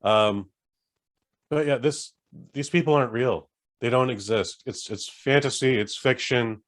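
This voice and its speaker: Male podcast co-host, mid pitch, blunt emphatic ranting style. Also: a little slow. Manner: blunt, swearing, emphatic rants. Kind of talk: casual chat.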